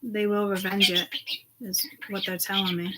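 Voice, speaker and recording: A woman's voice: mid-range voice, flat delivery, normal speed, very noisy. A woman speaking to her viewers in a loose, rambling monologue, agitated and swearing freely. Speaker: self-described seeress.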